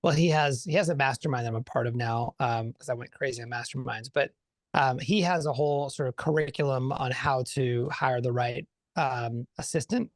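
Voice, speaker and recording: A man speaking as a guest on a podcast, thinking out loud in a friendly, rambling way. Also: medium pitch, moderate pace, no room sound, studio quality. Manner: thinks aloud with many fillers and restarts, upbeat. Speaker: podcast guest, consultant and author. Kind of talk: casual conversational interview.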